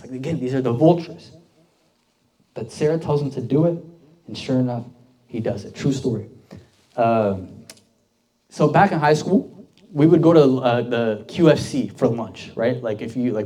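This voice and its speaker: A young deacon with a mellow, mid-range voice gives a casual, story-driven sermon to a youth group. He talks conversationally, using many fillers and posing questions to the audience.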